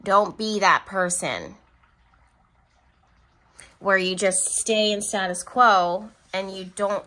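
Bright-voiced woman giving a tarot reading. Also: medium pitch, slow. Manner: affectionate, chatty, speaks straight to viewers; laughs between remarks. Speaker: tarot reader. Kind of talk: pick-a-card tarot reading.

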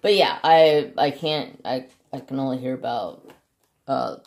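Very deep-voiced rambling woman vlogger. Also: a little slow, darkish tone. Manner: rambling, laughs a lot, swears casually. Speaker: craft vlogger. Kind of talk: casual rambling chat.

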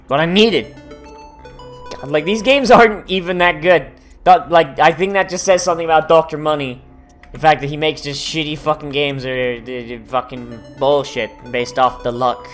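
A man's voice: mid-range voice, moderate pace, fairly bright tone, soft background music. A man doing casual gameplay commentary, swearing often and breaking into frustrated outbursts. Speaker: let's player.

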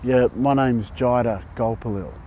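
A man speaks slowly and haltingly, pausing often, in a mellow, dark voice. He is outdoors, with faint traffic noise behind him. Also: mid-range voice. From Australia. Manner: halting, thoughtful, many pauses. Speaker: interviewee. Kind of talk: documentary interview. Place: outdoors by a monument.

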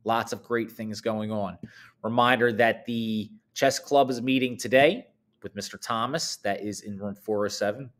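A man giving morning announcements at a high school in an upbeat, chatty way, swooping up high for emphasis. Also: steady tone, moderate pace.

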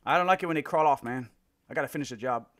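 A man's voice: medium pitch, rapid-fire, fairly bright tone. A man streaming a shooter game, swearing, trash-talking and joking with his squad while he plays. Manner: laughs often. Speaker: gaming streamer. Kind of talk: live gameplay commentary.

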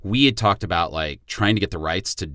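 A middle-aged man guesting on a podcast, easygoing and quick to laugh as he tells stories. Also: low voice, a bit bright, dry recording, clean studio sound. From Chicago area. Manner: easygoing, laughs while talking. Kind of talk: casual podcast chat.

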